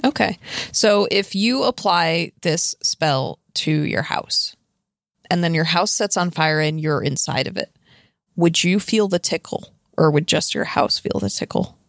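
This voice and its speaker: A woman's voice: on the low side, measured pace, vocal fry, fairly bright tone, no room sound, clean studio sound. A woman co-hosting a casual book discussion podcast, talking loosely and often saying "like" and "you know". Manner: chatty, heavy use of "like" and "you know". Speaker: podcast co-host.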